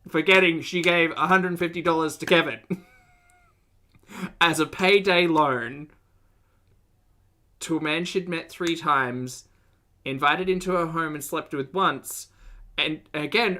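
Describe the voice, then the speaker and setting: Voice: mid-range voice, bright, forceful tone. A host of a live reaction stream, giving sarcastic, exasperated commentary and laughing often.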